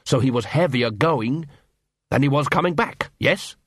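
A man's voice: medium pitch, expressive, breathy edge, no room sound, studio quality. A man voicing a curious male dwarf who thinks things through aloud, read as an audiobook character. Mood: reasoning. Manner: quick-thinking, explaining, reasoning aloud.

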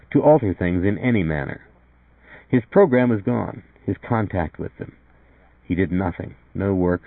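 Creaky low man reading a story. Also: dry recording, phone-quality sound. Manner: measured, plain reading with voiced dialogue. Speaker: narrator. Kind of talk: audiobook reading.

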